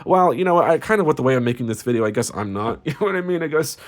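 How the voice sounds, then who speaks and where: A man's voice: medium pitch, animated, rapid-fire. Crude, spiteful male tarot reader. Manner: crude, sarcastic, gleefully spiteful. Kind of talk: casual tarot reading.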